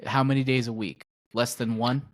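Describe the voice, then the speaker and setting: A man hosting a podcast in casual chat, quizzing his co-host in a quick, teasing way. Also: medium pitch, fairly even intonation, no room sound, clean studio sound.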